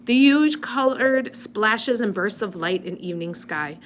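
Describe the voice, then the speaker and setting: A woman reads a novel aloud at an ordinary pitch. Her delivery is unpolished, and she stops now and then to fix her slips. A faint background hiss sits under her voice. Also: lively intonation, unhurried. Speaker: reader.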